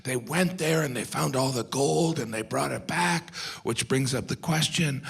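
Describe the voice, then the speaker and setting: A man doing a stand-up comedy set, telling stories deadpan with sudden high exasperated bursts. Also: a little slow, gravelly, husky. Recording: live hall with audience laughter. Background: crowd laughter and room ambience.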